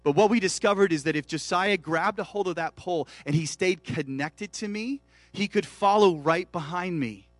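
Pastor, male, 40s; lively sermon storyteller, raised voice, dry close sound, faint music bed. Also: high-pitched, moderate pace, no room sound. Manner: animated, acts out quoted dialogue with big swings in volume.

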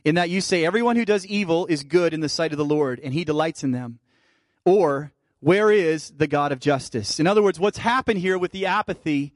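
A male pastor preaching a sermon, shifting between fervent emphasis and soft, intimate asides. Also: a little high, a little fast, no room sound, clean studio sound. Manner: preaching with rising fervor, then dropping to soft intimate tones.

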